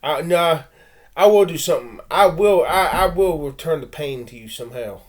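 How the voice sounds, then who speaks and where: A man speaks to his camera in a rambling rant, tripping over his words and circling back. His voice sits a touch high for a man. He sounds intense and blunt, like someone airing grievances. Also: expressive, moderate pace. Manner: stammering, with frequent restarts and repeated words; intense and heated, with blunt threats. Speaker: vlogger.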